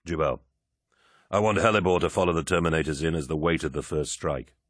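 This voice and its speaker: A stern, commanding warrior captain voiced by an audiobook narrator, curt and cold in every order. The voice sits very deep, and the recording is dry and close. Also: male voice, fairly quick, dry recording. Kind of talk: audiobook character voice.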